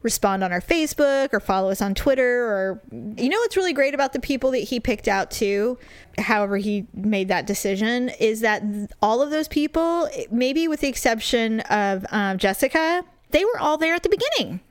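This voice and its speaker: A woman co-hosting a podcast, telling a story in casual chat, animated and swearing, putting on mocking voices. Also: a little high, normal speed, clean tone, no echo. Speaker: podcast co-host.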